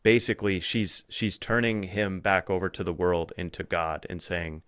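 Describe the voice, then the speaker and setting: Low, smooth-voiced man musing aloud. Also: flat delivery, normal speed, fairly bright tone, dry recording, clean studio sound. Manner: thoughtful, with frequent restarts and fillers. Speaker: podcast guest. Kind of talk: casual spiritual conversation.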